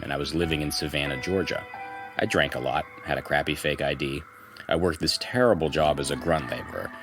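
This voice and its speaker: A man with an extremely low, deep voice reads a first-person story aloud on a podcast, slipping in loose conversational asides between passages. Faint music sits quietly behind him. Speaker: podcast co-host. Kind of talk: reading a forum post aloud as a story.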